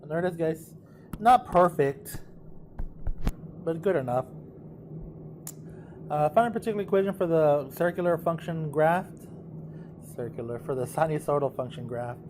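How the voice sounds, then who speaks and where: A man's voice: fairly high pitch, normal speed, pauses often, a little mellow, slight background noise. A math teacher casually talking through exam problems for his students, thinking aloud as he works. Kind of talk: recorded exam walkthrough.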